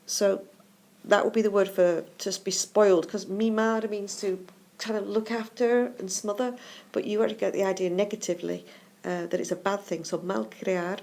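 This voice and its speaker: A woman teacher walking through exam answers on a whiteboard video, patient and methodical, slowing down to stress key words. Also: medium pitch, fairly even intonation, vocal fry, a little mellow.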